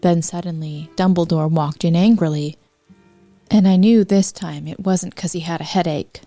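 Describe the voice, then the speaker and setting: A woman podcast host reading fanfiction aloud for comedy, deadpan with wry asides. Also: lowish voice, moderate pace, no echo, faint music behind.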